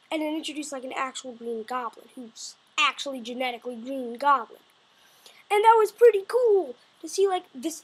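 A woman talking casually to camera as a video reviewer, excitable and rambling, often restarting and correcting herself mid-sentence. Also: high-pitched.

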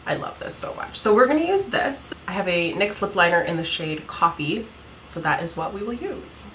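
A woman's voice: lowish voice, animated, normal speed, a bit bright, a little hiss or hum, poor audio. A woman in her thirties chatting through a makeup tutorial at home, giggly and full of "like" fillers. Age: 30s. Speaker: beauty vlogger. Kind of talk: casual makeup tutorial chat.

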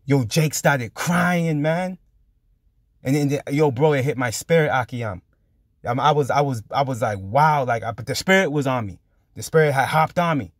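A man's voice: mid-range voice, brisk, dry recording. A man delivers a casual, fervent testimony in a mid-range voice, peppering it with street slang and constant "you know" and "I'm like" fillers. The recording is close and dry, with no room sound. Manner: fervent, spirited retelling. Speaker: preacher.

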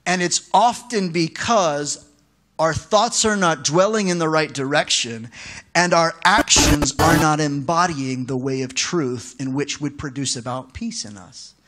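Animated high-voiced male pastor preaching. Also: measured pace. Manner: conversational, animated preaching with asides to the congregation. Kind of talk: sermon.

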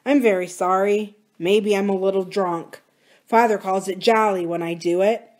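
Lady reading the part of a hurting ranch son, raw and pleading, middle-pitched voice, read from a book. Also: fairly even intonation, normal speed, darkish tone, natural voice. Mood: rueful. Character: grieving grown son, a rough rancher. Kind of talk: audiobook-style reading.

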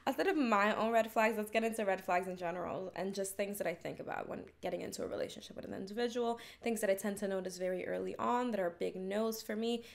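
A woman's voice: mid-range voice, vocal fry. A young woman talks straight to the camera in a candid, rambling vlog style. She leans on "like" fillers and breaks into self-mocking laughter. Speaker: vlogger. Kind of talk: casual confessional talk to camera.

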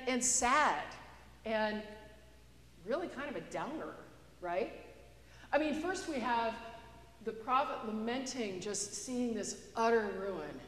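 A woman pastor preaching a sermon in a chatty, storytelling way, recorded in a church. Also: fairly high pitch. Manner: conversational, storytelling with a joke. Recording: echoey church with long reverb.

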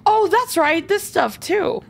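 Giggly woman streamer, slow and lively. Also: extremely high pitch, creaky, slight background noise. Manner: chatty, giggly, thinks aloud and answers viewer chat. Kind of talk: live gameplay commentary.

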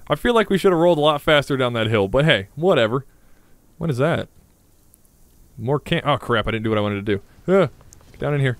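A young man talks through a game in a chatty, slightly high voice, coaxing his machine along and yelping when it goes wrong. Faint game music plays underneath his commentary. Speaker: gameplay commentator. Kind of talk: let's play commentary.

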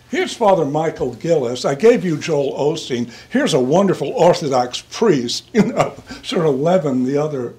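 Older priest giving a chatty sermon. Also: male voice, on the high side, sing-song, normal speed, hardly any pauses, a little mellow. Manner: chatty, digressive, addresses listeners by name, chuckles. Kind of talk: conversational sermon. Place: church.

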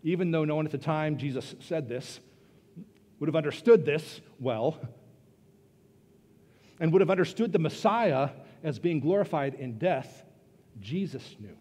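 A man preaching a sermon as pastor, earnest and emphatic, pausing and then rising into bursts of stress. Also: fairly high pitch, animated, mellow. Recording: long reverb of a church hall.

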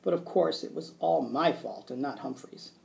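A man voicing a kind, cheerful woman teacher who tells her story in a lively way. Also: on the high side, normal speed, creaky. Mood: explaining.

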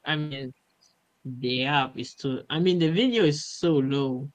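A man's voice: mid-range voice, a little slow, no room sound. A young man chatting with teammates during a game, teasing and exasperated. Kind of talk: casual gaming chat.

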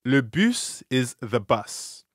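A man hosting a scripted language lesson, modeling phrases slowly and clearly with encouraging feedback. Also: mid-range voice, sing-song, no room sound, clean studio sound. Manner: slow, clear, encouraging pronunciation drills.

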